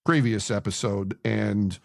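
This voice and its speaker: A man's voice: on the low side, unhurried, gravelly, no room sound, clean studio sound. An older retired man with a Canadian accent co-hosting a casual podcast, enthusiastic and rambling with fillers. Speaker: podcast co-host. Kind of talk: casual chat.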